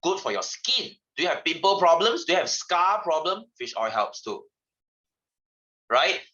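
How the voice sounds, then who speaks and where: A man's voice: on the high side, big pitch swings, moderate pace, sharp tone, lo-fi sound. A man giving a chatty science lesson to his class, asking questions and repeating himself. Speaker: science teacher. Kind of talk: classroom lecture.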